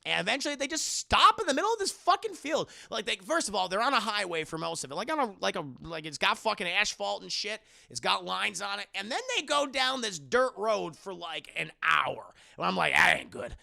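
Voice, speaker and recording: A man recapping a movie in a rambling, profane, animated way while talking straight to his co-host. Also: high voice, brisk, creaky, few pauses, dry recording, clean studio sound. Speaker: movie reviewer. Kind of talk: casual comedic movie recap.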